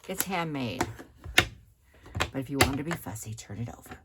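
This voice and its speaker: A woman giving a chatty, relaxed hands-on card-making tutorial, talking as she works at her craft table. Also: rumbling low, a little slow, very noisy. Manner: chatty, relaxed, talks while working. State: hiccups.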